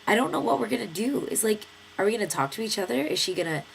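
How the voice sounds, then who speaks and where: A woman's voice: medium pitch, fast talker, gravelly, a little hiss or hum. A young American woman in her twenties with a stuffy nose from a cold, telling a long story in a chatty, rambling vlog with lots of fillers. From United States. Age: 20s. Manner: chatty, lively storytelling with many fillers and acted quotes. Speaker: vlogger.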